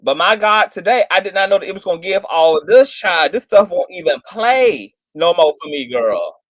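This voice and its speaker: A man's voice: high-pitched, animated, normal speed, a bit bright, no echo. A man hosting livestream commentary in a sassy, theatrical way, peppered with "girl" and "child". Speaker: commentary channel host.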